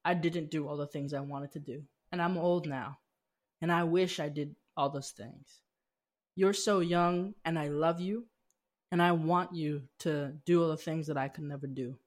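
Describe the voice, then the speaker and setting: A man quoting a gentle old grandfather. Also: a little high, steady tone, normal speed, lightly acted. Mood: tender. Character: gentle, regretful elderly grandfather.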